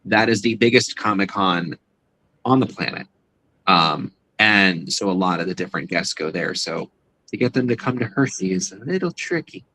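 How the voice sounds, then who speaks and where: A man's voice: low voice, expressive, moderate pace, pushed and bright, low-quality recording. A man being interviewed as a guest, talking casually and rambling with fillers and restarts. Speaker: guest, psychic medium and convention organizer.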